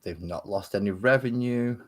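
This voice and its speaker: A man's voice: fairly low pitch, moderate pace. A man chats casually on a live stream while painting miniatures, trading sarcastic banter with viewers and muttering to himself as he works.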